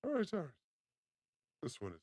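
A man co-hosting a video reaction show in casual chat, given to loud excited outbursts and crude jokes. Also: a little high, fairly quick, heavy background noise.

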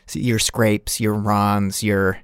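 A man's voice: fairly low pitch, little pitch movement, slow pace, clean tone, dry recording, clean studio sound. A man playing a tabletop game, chatting playfully about the story and his rolls. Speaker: player. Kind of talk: casual chat during a tabletop game.

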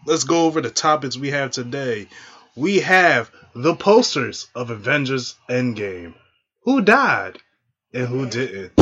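A man's voice: fairly high pitch, a bit bright, highs cut off. A man hosting a casual podcast panel, laughing often and stumbling over his words. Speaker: podcast host.

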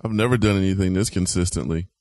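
A man with a low voice co-hosts a podcast in relaxed chat. He answers in a dry, deadpan way and swears casually. The recording is close and dry. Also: fast, dry recording. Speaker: podcast co-host.

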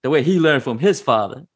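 A man's voice: medium pitch, breathy edge, no echo, studio quality. A man from the Pacific islands telling stories in a casual chat, laughing often and calling people man. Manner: laughing storyteller, slangy, says man a lot.

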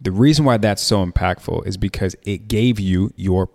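A man hosting a casual interview, encouraging his guest and reading quotes slowly for emphasis. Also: fairly low pitch, creaky, a little mellow, big-room sound. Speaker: podcast host.

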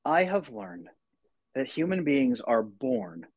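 A husky-voiced man in his thirties speaks as a guest in a podcast-style interview. He talks about parenting in a lively, conversational way. His voice sits in an ordinary pitch range, and the recording is close and dry. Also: slow pace, no echo, dull audio. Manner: animated, acts out voices in anecdotes.

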